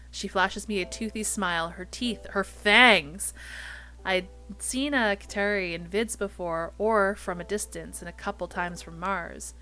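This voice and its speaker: A young woman streamer reads a visual novel aloud with running commentary. Her delivery is lively, and she swears casually and trips over odd names. Her voice is bright and sharp, with faint music underneath. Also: mid-range voice, moderate pace.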